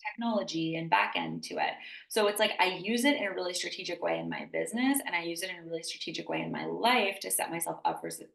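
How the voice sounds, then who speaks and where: A woman's voice: fairly low pitch, sing-song, racing, creaky, hardly any pauses, fairly bright tone. A woman hosting a podcast in casual conversation, talking enthusiastically and emphatically, with lots of "like" fillers. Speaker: podcast host. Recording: echoey room, distant mic.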